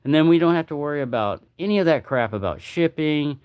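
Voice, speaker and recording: A man's voice: fairly high pitch, animated, a little fast, a little mellow, clear, resonant tone, no room sound. A man hosting a casual livestream, chatting in a rambling way and often repeating himself. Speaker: knife channel host.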